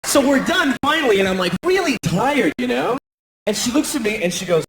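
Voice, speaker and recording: In a sing-song voice at a moderate pace, this American comic runs through crude, self-mocking stand-up material. He acts out characters, swinging his pitch widely.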